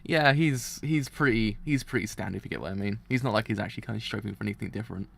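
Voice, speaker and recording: A man's voice: fairly low pitch, fast, vocal fry, fairly bright tone. A man hosting a casual manga reaction, rambling and often stumbling over and repeating his words.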